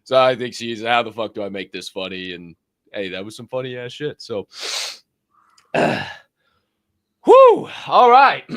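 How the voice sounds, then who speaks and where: Animated man hosting a podcast. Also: medium pitch, unhurried, no room sound, clean studio sound. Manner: loud, laughing, profane banter. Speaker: podcast host. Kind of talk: casual chat.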